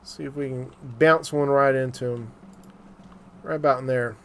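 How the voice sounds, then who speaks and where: A male gaming streamer speaks at normal speed in a medium-pitched, steady voice while playing a strategy game live. Joking and loose, he uses frequent fillers and chats with viewers on the side.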